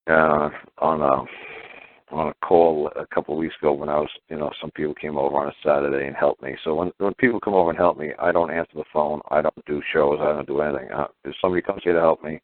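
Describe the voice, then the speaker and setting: A man's voice: extremely low pitch, no echo. A man calling in to a talk show, chatting casually and acting out the voices of people he quotes. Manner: animated, acts out quoted voices. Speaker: caller. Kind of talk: casual phone conversation. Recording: dry tinny phone line.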